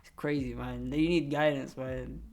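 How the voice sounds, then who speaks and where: A man's voice: mid-range voice, steady tone, moderate pace, creaky, a crowd in the background. A man, a podcast guest who talks in a laid-back way, full of slang. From Algeria. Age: 20s. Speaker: guest, fighter. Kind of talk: casual podcast chat.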